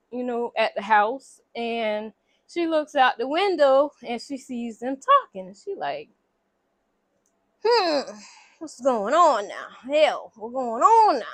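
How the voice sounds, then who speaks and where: Woman, high voice, relaxed storyteller at home, animated and acts out every line, dry close mic. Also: dry recording. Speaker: vlogger recapping a movie. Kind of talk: casual storytelling chat. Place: home room near a window.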